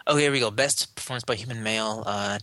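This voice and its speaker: A man's voice: fairly low pitch, fast talker, sharp tone, dry recording. Rambling, sarcastic male podcast host. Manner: rambling, hesitant, lots of fillers and restarts, sarcastic. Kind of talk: casual chat.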